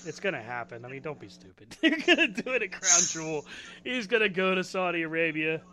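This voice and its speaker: Lively high-voiced joking man. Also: brisk. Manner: laughs often, animated joking. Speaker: podcast co-host. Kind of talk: casual chat.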